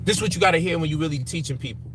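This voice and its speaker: A male commentator rants about his frustrations, profane and emphatic, with faint noise in the background. His voice is a little high and rapid-fire.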